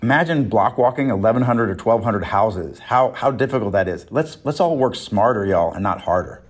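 A man talking as a political organizer, urging listeners to join in, in an energetic casual chat. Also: fairly low pitch, moderate pace, husky.

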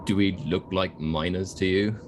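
A man's voice: deep voice, steady tone, moderate pace, a little hiss or hum. A man playing a tabletop game, making wry jokes in casual chat. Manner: wry, joking. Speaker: player.

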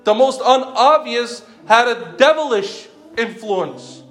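Male preacher, very high voice, sermon with rhetorical questions and mixed languages, reverberant room. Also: lively intonation, slow, fairly bright tone. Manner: repetitive rhetorical questions, calls listeners by name; switches between English and another language mid-sentence.

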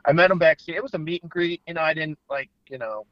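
A laid-back man guesting on a podcast, rambling through his answers with fillers. His fairly high voice comes through dry and a little muffled. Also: fast, no echo. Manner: rambling, laid-back, lots of "you know". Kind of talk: casual chat.

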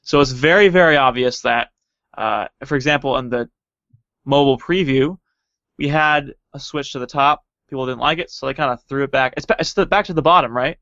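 A man's voice: medium pitch, fairly quick, bright, forceful tone, no room sound. A man co-hosting a casual tech podcast, playful and teasing as he reads out poll results. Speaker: podcast co-host. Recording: dull lo-fi dry sound.

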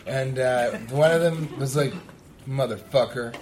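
A man's voice: fairly high pitch, normal speed, slight background noise. A man in his thirties, a comedian co-hosting a live podcast, telling stories and acting out the people in them while laughing. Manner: animated anecdote telling, acting out others, laughing often. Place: live venue stage. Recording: live show with loud crowd laughter.

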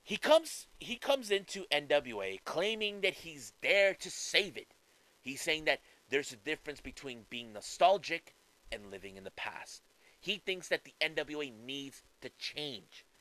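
A man casually commentating on wrestling news, talking in an animated, conversational way with restarts. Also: fairly high pitch, unhurried, rough recording.

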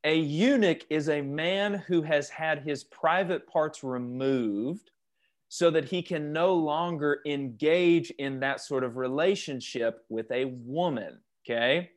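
A man's voice: fairly high pitch, slow. A man leading a youth Bible study over a video call, questioning the group and joking as he teaches.

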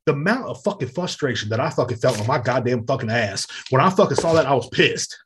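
A man hosting a podcast, ranting with loud, profane exasperation in a comedic monologue. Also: medium pitch, lively intonation, fast talker, a little hiss or hum. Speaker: podcast host. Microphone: podcast mic.

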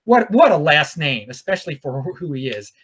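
A male show host from Baltimore talks in a loose, rambling monologue, hopping from one thought to the next. His pitch moves around a lot, rising and dipping as he goes. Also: sing-song, brisk, fairly bright tone, slightly rough. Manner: rambling, off-the-cuff. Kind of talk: casual monologue.

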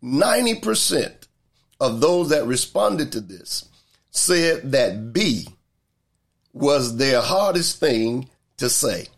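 A man's voice: mid-range voice, lively intonation, slow pace. A man talking through his thoughts in a casual monologue, thoughtful and rambling, with many fillers and repeated words.

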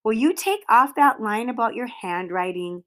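A woman's voice: fairly high pitch, expressive, normal speed, a bit bright. A woman voicing an earnest fourth-grade boy who talks in an earnest, pleading way. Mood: upset.

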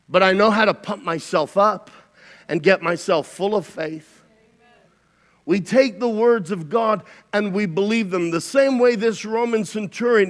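A man preaching a sermon as pastor, swinging between shouted climaxes and hushed, quiet passages. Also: high-pitched, in a large hall.

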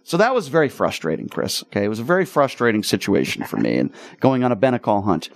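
A man hosting a radio talk show, telling stories in an animated, exasperated way. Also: fairly low pitch, fast talker, gravelly. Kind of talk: casual storytelling chat.

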